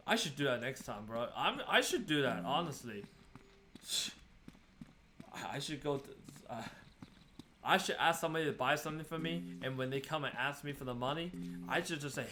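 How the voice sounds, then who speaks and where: A man's voice: medium pitch, expressive, normal speed, pushed and bright, slight background noise. A young man venting about being swindled while he plays a game, in casual, exasperated commentary. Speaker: gaming streamer.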